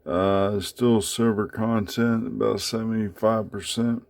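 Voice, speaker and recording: A man casually talking through his coin collection in a home vlog, halting with many fillers as he handles each piece. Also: on the low side, flat delivery, creaky, darkish tone. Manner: unhurried, many fillers, speaks haltingly while handling items. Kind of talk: casual show-and-tell vlog.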